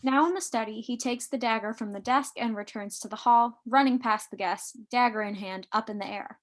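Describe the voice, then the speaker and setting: A woman reads the stage directions aloud in a live script reading. Her voice sits fairly high, and her delivery is brisk and lightly amused.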